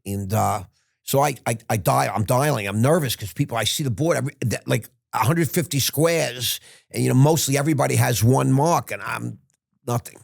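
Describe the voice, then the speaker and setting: An older man, a podcast guest, telling stories in a rambling way with halting restarts. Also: mid-range voice, vocal fry, no room sound, studio quality. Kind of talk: casual storytelling.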